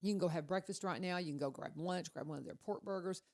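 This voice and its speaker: A woman hosting a casual radio chat, telling stories in a chatty, animated way. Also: on the low side, fast. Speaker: radio host.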